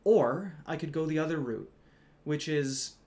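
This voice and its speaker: A man's voice: on the high side, animated, a little slow, a little mellow. A man casually telling a story from his retail job, wry and conversational, a little smug, swearing now and then.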